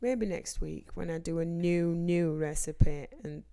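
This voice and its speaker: A woman's voice: fairly low pitch, steady tone, unhurried, vocal fry, warm tone, smooth. A woman co-hosting a casual comedy chat, teasing in a dry, sarcastic way. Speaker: co-host.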